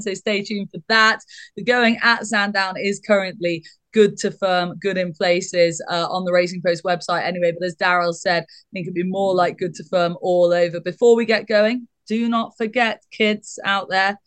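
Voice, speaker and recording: A woman hosts a podcast in casual chat. She is teasing and brisk. Her voice sounds dry and close to the mic. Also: mid-range voice, fairly bright tone, no echo. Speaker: podcast host.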